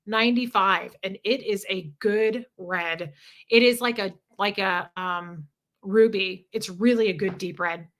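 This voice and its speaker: A woman's voice: medium pitch, a little slow, fairly bright tone. A young woman hosting a casual livestream, chatting with viewers and reading out their names and comments. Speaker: livestream host.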